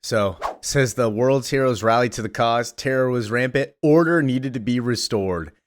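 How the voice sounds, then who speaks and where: A man's voice: mid-range voice, moderate pace, a little hiss or hum. A man casually recapping a comic storyline, chatty and full of fillers and wry asides.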